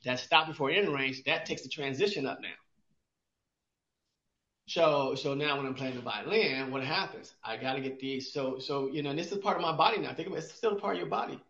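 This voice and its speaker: A man's voice: on the high side, a little fast, pushed and bright. A man co-hosting a podcast, explaining exercise in casual chat, asking himself rhetorical questions and restarting often. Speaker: podcast co-host, exercise expert. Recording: roomy, dull lo-fi sound.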